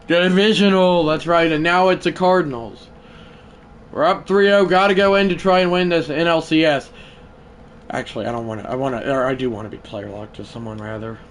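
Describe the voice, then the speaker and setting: A man streaming a baseball video game live, talking to his chat between pitches and breaking into mock play-by-play calls. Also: fairly quick. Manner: mock play-by-play announcing, excitable; chatty asides to viewers.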